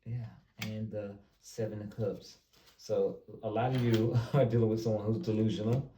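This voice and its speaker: A man's voice: on the low side, steady tone, moderate pace, mellow. A man giving a casual tarot reading, speaking loosely and straight to his viewers, often repeating himself. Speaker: tarot reader. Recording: roomy, distant mic with faint noise.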